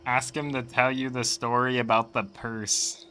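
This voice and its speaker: A man's voice: medium pitch, level tone, a little slow, sharp tone, a little hiss or hum, poor audio. A man streaming a game, chatting casually and rambling to a friend at a desk microphone. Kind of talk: casual gaming stream chat.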